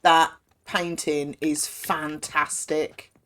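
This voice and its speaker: A woman chatting her way through a game stream. She rambles through everyday news with self-mocking asides, her voice sitting a little low for a woman. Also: little pitch movement, drawn-out words, fairly bright tone. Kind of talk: casual chat while gaming.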